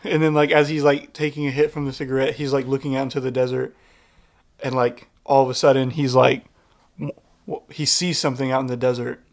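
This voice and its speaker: A man's voice: medium pitch, little pitch movement, a little fast. A man co-hosting a comedy podcast, building on an improvised story in a laid-back way. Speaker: podcast co-host.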